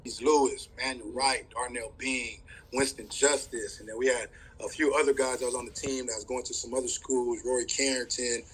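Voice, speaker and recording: A man from California in his thirties, a former college running back, casually telling a podcast host a story and lively acting out the voices in it. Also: moderate pace, few pauses, slight background noise, rough recording. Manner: animated, acts out quoted voices with big pitch jumps.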